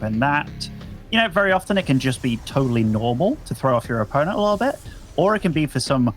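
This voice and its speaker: A man's voice: medium pitch, sing-song, quick pace, soft background music. A man casting a live strategy game match, chatty and upbeat, bantering with his co-caster. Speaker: esports caster.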